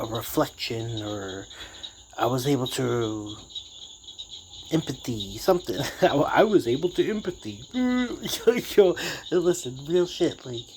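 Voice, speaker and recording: A man tells a story in a loose, rambling way, swearing freely and using street slang. His voice sits at an ordinary middle pitch. A faint hiss runs under the recording. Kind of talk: casual storytelling.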